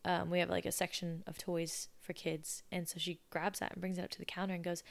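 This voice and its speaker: Woman in her twenties, low gravelly voice. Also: level tone, a little fast, few pauses. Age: 20s. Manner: chatty and sarcastic. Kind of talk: casual storytelling.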